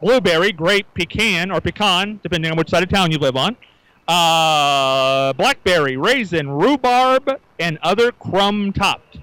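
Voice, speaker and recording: Lively, bright-voiced male radio co-host. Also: a little high, a little slow, smooth, no echo, poor audio. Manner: chatty, lists details eagerly. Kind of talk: casual on-air chat. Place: outdoors at a county fair.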